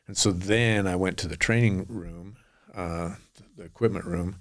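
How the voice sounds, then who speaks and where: A man's voice: low voice, fairly even intonation, normal speed. A middle-aged man, a podcast guest, telling long earnest stories in a rambling way. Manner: earnest, rambling anecdotes with acted quotes. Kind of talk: storytelling in a podcast interview.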